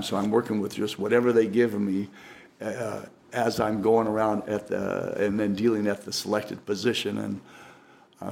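Gravelly older man telling stories. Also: on the low side, darkish tone, slight background noise. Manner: rambling, with frequent restarts and laughs. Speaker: professional magician, interview guest. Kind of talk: casual storytelling in an interview.

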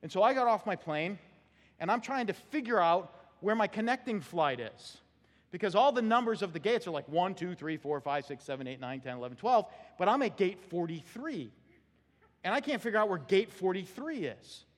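A male pastor preaching a sermon, telling an animated personal story and laughing along with it. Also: high voice, moderate pace. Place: church sanctuary. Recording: long hall reverb.

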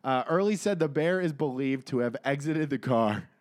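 A man's voice: medium pitch, expressive, moderate pace. Sarcastic man cracking crude jokes. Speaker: podcast co-host. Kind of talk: casual chat, reading news stories aloud.

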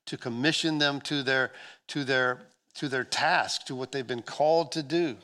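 Earnest male pastor preaching. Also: medium pitch. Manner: earnest preaching that swells loud and drops soft, with repeated restarts. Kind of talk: sermon.

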